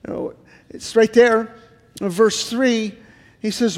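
A man's voice: sits high, fairly even intonation, moderate pace, long reverb tail. A middle-aged male pastor giving an earnest sermon, full of repeated pleading questions. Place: church sanctuary.

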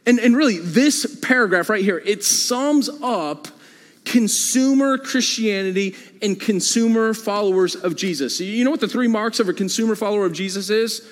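A male pastor preaching a sermon in a church, with animated delivery and frequent repeated phrases. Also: sits high, moderate pace, in a large hall. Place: church sanctuary.

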